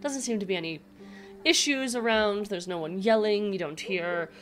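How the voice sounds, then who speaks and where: A woman's voice: medium pitch, normal speed, fairly bright tone, faint music behind. A woman narrating as dungeon master in a tabletop game, chatty and full of ums. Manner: chatty, hesitant with many ums.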